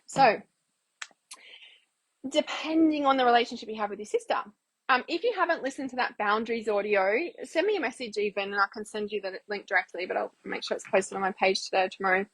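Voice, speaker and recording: A woman's voice: mid-range voice, fairly quick, fairly bright tone. A woman hosting a casual livestream Q&A as an intuitive healer, chatting loosely and acting out little quoted exchanges.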